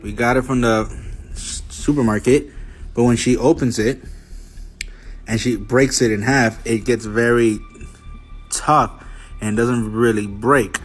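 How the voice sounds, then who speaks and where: A man talks casually and haltingly in a short clip. His voice is husky. Soft music plays underneath. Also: mid-range voice, steady tone. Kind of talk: casual social video.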